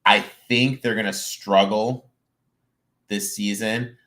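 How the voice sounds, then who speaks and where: A man's voice: lowish voice, steady tone, slow, fairly bright tone. A man co-hosting a casual sports chat, talking steadily and analytically as he lists stats. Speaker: podcast co-host.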